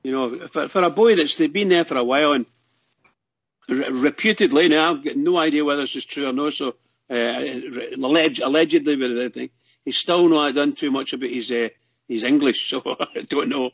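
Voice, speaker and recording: Co-host, husky and gravelly, rambling enthusiast. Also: male voice, medium pitch, moderate pace. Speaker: fan radio co-host. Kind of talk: casual chat.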